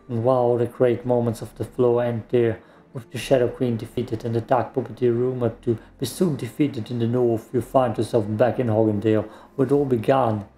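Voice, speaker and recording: A man's voice: medium pitch, mellow. A man hosting a game playthrough, reading its text aloud with casual asides. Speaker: let's play host.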